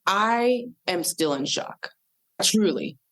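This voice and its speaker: Lively woman guest, low-pitched storyteller. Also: takes it slowly. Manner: lively, uses voices for quoted people. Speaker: podcast guest. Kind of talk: animated storytelling in casual conversation.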